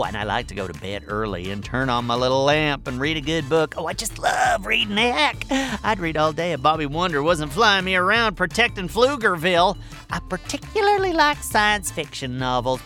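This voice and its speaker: A small furry creature hosts a kids' audio mailbag show, voiced by an actor, boastful and easily flustered. The voice is bright and crisp and swoops up and down with sing-song energy. Faint music plays behind it. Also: mid-range voice, normal speed. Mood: excitable. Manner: excitable, chatty, easily flustered, lively sing-song delivery. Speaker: host of a listener mailbag show. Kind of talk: scripted children's audio comedy.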